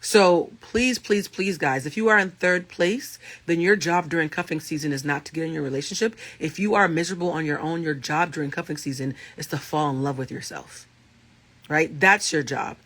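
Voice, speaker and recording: At a moderate pace, a man with a thick, raspy, slightly high voice tells stories to his livestream viewers. A life coach and tarot reader, he's animated and casual, dropping swear words freely.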